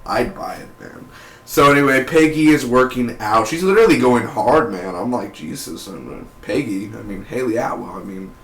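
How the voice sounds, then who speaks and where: A man's voice: medium pitch, animated, moderate pace, creaky, slight background noise. A man giving a casual, rambling recap review of a TV episode in an offhand, slangy way. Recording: roomy echo.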